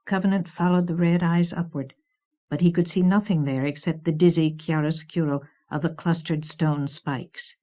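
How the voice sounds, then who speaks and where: Female narrator for fantasy audiobook, measured reading, fairly low voice, dull tape sound. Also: fairly even intonation, warm tone. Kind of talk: scripted narration. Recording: dull old cassette recording.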